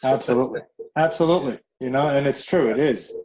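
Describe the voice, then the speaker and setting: A man's voice: mid-range voice, fast talker, a little mellow, poor audio. A man from New York City hosting an interview, encouraging and rambling with many fillers. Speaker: host. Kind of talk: casual interview.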